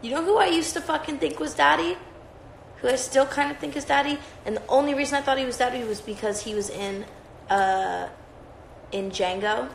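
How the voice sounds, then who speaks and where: Gravelly-voiced woman chatting on a livestream. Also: a little high, normal speed, a little hiss or hum. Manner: rambling, profane, chatty. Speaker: livestream host. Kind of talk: casual livestream chat. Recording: roomy echoey sound.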